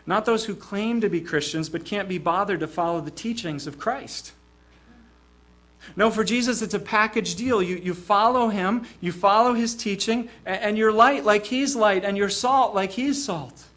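A man's voice: high-pitched, moderate pace, fairly bright tone. An older man preaching a sermon in an earnest way, often repeating a small word as he starts a phrase.

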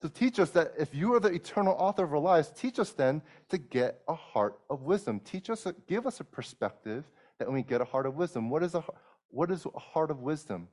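A man's voice: on the high side, lively intonation, a little fast, darkish tone. A man in his thirties, a pastor preaching a sermon in an earnest way, often restarting and repeating words as he explains.

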